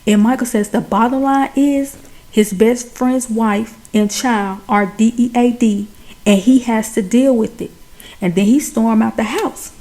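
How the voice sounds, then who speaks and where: Gravelly woman recapping a film. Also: fairly high pitch, a little slow, warm tone. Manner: chatty, colloquial, dramatic retelling. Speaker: film reviewer.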